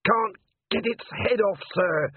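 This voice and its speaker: A man's voice: sits high, slow pace, husky, no room sound, voice pushed up, heavily acted. A man voicing an earnest, dutiful young male guard in a storybook reading. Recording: tinny phone-like sound.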